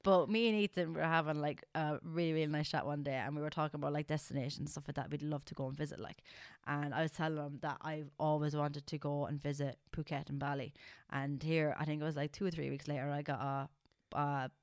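A woman in her twenties with an Irish accent, co-hosting a podcast in animated, casual chat full of swearing. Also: deep voice, brisk, smooth, no echo, clean studio sound. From Ireland. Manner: animated and swearing, says "lads" a lot. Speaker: podcast co-host.

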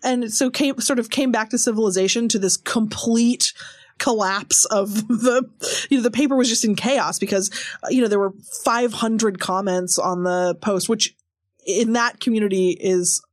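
A woman guest in an interview telling a candid story in an animated way, laughing often between quick asides. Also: a little high, dry recording, clean studio sound. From Seattle area.

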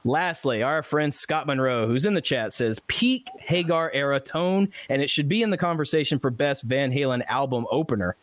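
A man hosting a podcast, casually reading listener comments aloud with animated asides and frequent laughs. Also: mid-range voice, normal speed, few pauses, no room sound. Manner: animated, laughs often, restarts sentences. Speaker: podcast host.

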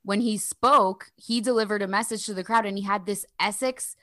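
A woman telling stories in casual podcast chat, animated and swearing freely. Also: medium pitch, normal speed, no echo, clean studio sound. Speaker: podcast guest.

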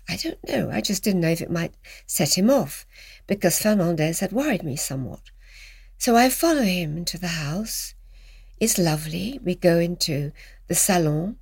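Husky older Englishwoman reminiscing. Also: fairly low pitch, no echo. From England. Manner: reminiscing, gently animated, dips into soft whispers. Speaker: guest. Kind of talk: storytelling in an interview.

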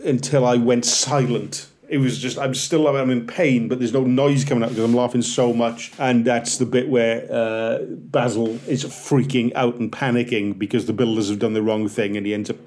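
A Welsh comedian around forty talks casually on a podcast, his voice sitting at an ordinary middle pitch. He tells animated, self-deprecating stories and slips into little acted-out bits as he goes. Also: moderate pace, few pauses. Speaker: comedian guest.

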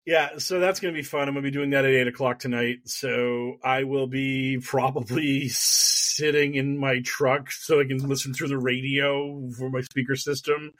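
A man co-hosting a podcast in casual chat, rambling and excitable, laughing often. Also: medium pitch, normal speed, few pauses, no echo. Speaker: podcast co-host. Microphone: studio mic.

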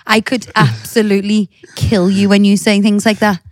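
A woman's voice: mid-range voice, steady tone, moderate pace, darkish tone. A woman co-hosting a podcast in casual banter, teasing her partner and mocking him with put-on voices. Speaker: podcast co-host.

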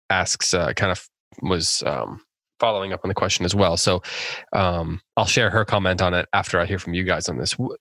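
A man co-hosting a casual book-club podcast, reading out listener questions in a relaxed, chatty way. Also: lowish voice, no room sound. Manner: relaxed, chatty, laughs easily.

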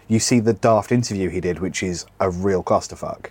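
A man's voice: sits low, brisk, hardly any pauses, a little mellow, breathy edge. A man co-hosting a comedy podcast, talking in a sardonic, rambling way and swearing freely. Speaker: podcast co-host. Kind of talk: casual comedic chat.

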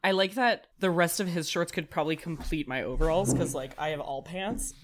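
A woman's voice: on the low side, background noise. A woman player recapping a tabletop game in casual chat, rambling and swearing freely. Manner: swearing, rambling, quick asides.

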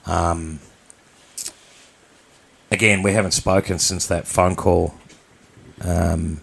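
A man's voice: sits low, fairly even intonation, slow pace, gravelly, breathy edge. A man from New Zealand, co-hosting a podcast, telling a personal story in a candid, blunt, rambling way. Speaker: podcast co-host.

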